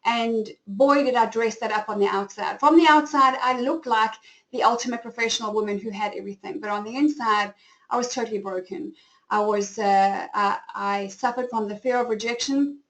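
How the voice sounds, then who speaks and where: A woman's voice: a little high, steady tone, moderate pace, fairly bright tone, low-quality recording. A woman in her forties with a South African accent, hosting a live webinar and telling her own story in an effusive, open way. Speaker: webinar host and company founder.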